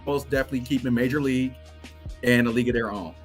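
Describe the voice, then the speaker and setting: A man's voice: mid-range voice, fairly even intonation, racing. A man co-hosting a sports show, rambling casually with many restarts as he talks about the movies he loves. Music plays faintly underneath. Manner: rambling, full of restarts, laughs easily.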